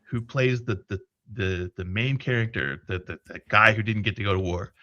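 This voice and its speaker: A man's voice: on the low side, moderate pace, no echo. Lo-fi, profane storytelling man. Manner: profane, animated retelling with many restarts. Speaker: podcast co-host. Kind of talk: casual storytelling chat.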